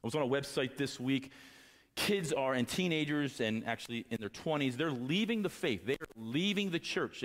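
Man preaching a sermon in a hall. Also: medium pitch. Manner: impassioned preaching, swings from quiet to loud. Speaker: pastor. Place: church sanctuary.

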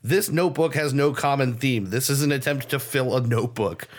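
A man's voice: medium pitch, fairly quick. A man co-hosting a comedy podcast in casual, wry chat. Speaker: podcast co-host.

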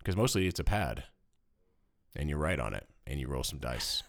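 A man's voice: rumbling low, normal speed. A man co-hosting a casual board game podcast, joking and explaining rules at length. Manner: animated, jokey, rambling explanations. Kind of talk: casual chat. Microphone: studio microphone.

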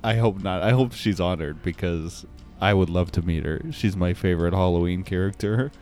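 A man's voice: sits low, normal speed, a little mellow, soft background music. A man in an improvised comedy chat, laid-back and amused.

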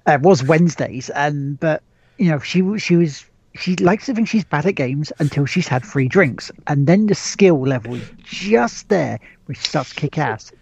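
A man's voice: fairly high pitch, animated, normal speed, creaky, a little mellow, husky, dry recording, highs cut off. A man co-hosting a gaming podcast, teasing dryly and reading out comments from the chat. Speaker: podcast co-host. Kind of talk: casual chat.

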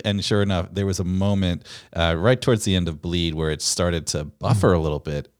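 A very low-voiced man talks easily in a casual podcast chat and laughs often. He comes across as relaxed, and his voice is recorded dry and close. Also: fast, few pauses, dry recording. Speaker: co-host, video editor.

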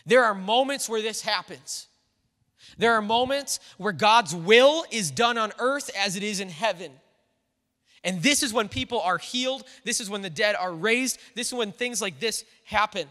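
Bright high-voiced man preaching a sermon. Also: expressive, moderate pace. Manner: conversational, thinking aloud with the congregation. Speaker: pastor. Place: church sanctuary. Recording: long reverb of a church hall.

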